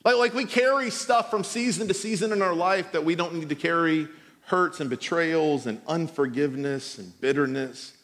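A man's voice: a little high, moderate pace, a bit bright, in a large hall. A man preaching a sermon as pastor, talking in a conversational way and telling stories with humor.

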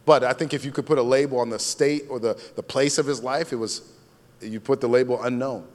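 A man's voice: mid-range voice, fairly even intonation, a little fast, a little mellow. Casual preaching man in a reverberant hall. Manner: casual, conversational preaching with repeated phrases. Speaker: pastor. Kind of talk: sermon.

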